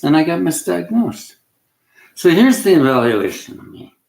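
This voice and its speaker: A man's voice: fairly high pitch, very animated, normal speed, gravelly, a little mellow. Agitated rambling man, echoey room. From Canada. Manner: rambling, agitated, breaks off mid-sentence. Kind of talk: agitated rant to camera.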